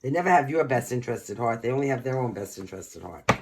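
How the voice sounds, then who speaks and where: A man from Brooklyn with a New York accent, hoarse and losing his voice, giving a chatty, emphatic tarot reading and clearing his throat often. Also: mid-range voice, expressive, rapid-fire, noisy background. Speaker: tarot reader. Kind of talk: casual tarot reading to camera.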